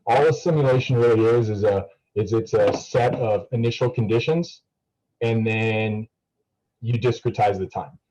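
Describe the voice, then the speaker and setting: Young male student guest, low mellow voice, rambling with fillers, video call. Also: moderate pace, highs cut off. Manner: rambling, with many fillers and restarts. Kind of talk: casual talk to a class.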